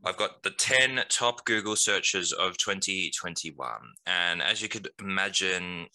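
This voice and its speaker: A man's voice: low voice, a little slow, bright, forceful tone, poor audio. A young man, co-hosting a podcast in offhand, wry casual chat. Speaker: podcast co-host.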